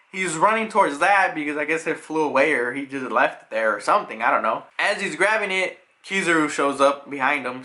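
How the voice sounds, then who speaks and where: A young man talks through a manga chapter in a rambling, casual way. His voice sits a bit high and sounds bright and sharp. He keeps jumping into excited paraphrases of the characters. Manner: loose, rambling retelling with many fillers, jumping into excited paraphrased lines. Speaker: manga reviewer. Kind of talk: casual recap and commentary.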